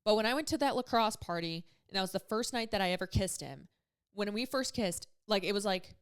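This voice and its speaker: Woman in her thirties, podcast host, smooth and clear tone, candid chatty advice-giver who swears casually. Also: mid-range voice, lively intonation, normal speed. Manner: candid, chatty, heavy use of "like", swears freely.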